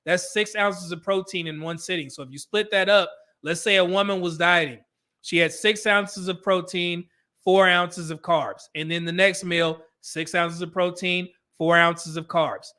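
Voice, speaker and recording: Middle-aged livestream host, bright tone, relaxed chatty delivery with frequent laughs. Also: male voice, sits high, moderate pace. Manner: laid-back, chatty, laughs often, uses slang. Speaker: livestream host reading chat. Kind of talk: casual livestream chat.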